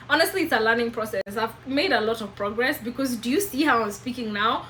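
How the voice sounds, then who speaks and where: Kenyan woman vlogger, bright higher voice, candid and animated, faint hiss behind. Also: brisk, hardly any pauses, low-quality recording. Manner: candid and animated, repeats and restarts phrases. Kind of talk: casual chat to camera.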